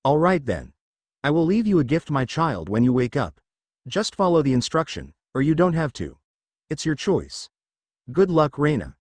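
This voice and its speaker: Male reader doing a gentle female magic spirit for a storybook audio; tender, animated delivery. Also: on the high side, normal speed, no room sound. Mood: kind. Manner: gentle, mournful, calls her "my child".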